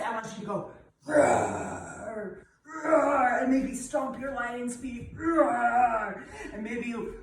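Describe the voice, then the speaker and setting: A woman's voice: high-pitched, fairly bright tone, heavy reverb, distant mic, slight background noise, low-quality recording. A woman leading a children's yoga class, playful and encouraging, laughing often as she guides the kids. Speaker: kids' yoga teacher.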